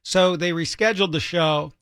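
Man, radio co-host, casual rambling banter, slightly high voice, dry close studio mic. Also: moderate pace, a bit bright, no echo. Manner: chatty, rambling with restarts. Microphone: studio microphone.

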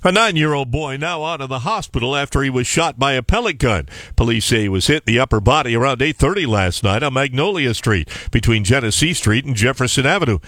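A man reading radio news headlines in a steady, formal manner. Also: mid-range voice, fast talker, hardly any pauses, no room sound. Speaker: news anchor. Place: radio studio.

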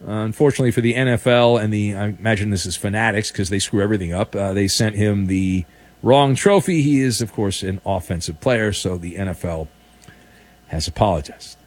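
A man's voice: fairly low pitch, fairly quick. A male sports talk radio host with a playful, teasing manner, taking calls on a studio mic.

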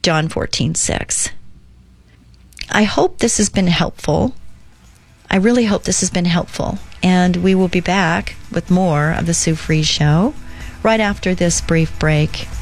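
A woman hosting her own radio show, reading a devotional aloud and talking earnestly and encouragingly about faith and calm. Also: on the low side, soft background music. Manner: earnest, encouraging, reads slowly. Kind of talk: devotional reading and casual talk.

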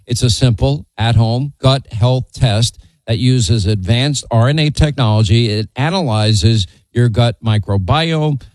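A man reading an advertisement on a radio show, upbeat and smooth. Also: medium pitch, measured pace, hardly any pauses, darkish tone, dry recording, poor audio. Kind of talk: read advertisement.

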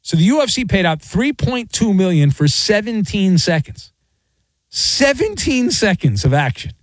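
Chatty sports radio guy, high voice that jumps around a lot, dry studio sound. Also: unhurried, no room sound. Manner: opinionated, chatty, animated storytelling. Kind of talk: casual sports talk radio. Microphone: studio microphone.

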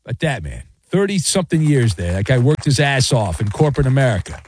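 A man's voice: mid-range voice, big pitch swings, brisk, darkish tone, slight background noise. A man hosting a casual sports talk radio show, ribbing callers and cohosts.

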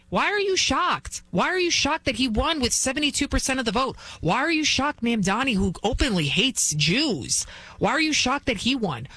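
A woman's voice: fairly high pitch, sing-song, fairly quick, sharp tone. A woman filling in as host of a talk show, delivering a fervent opinion monologue full of repeated rhetorical questions. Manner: acts out quoted voices while retelling.

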